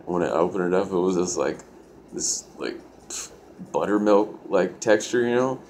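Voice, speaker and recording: A man's voice: deep voice, lively intonation, moderate pace, darkish tone, a little hiss or hum. A young man telling a personal story in a loose, profane way, full of "like" fillers. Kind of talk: casual storytelling.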